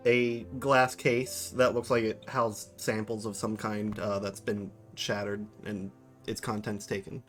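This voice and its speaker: A man's voice: lowish voice, flat delivery, unhurried. A man, game master, narrating a tabletop game and often restarting his sentences. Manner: hesitant, restarts often while describing. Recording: music bed under voice.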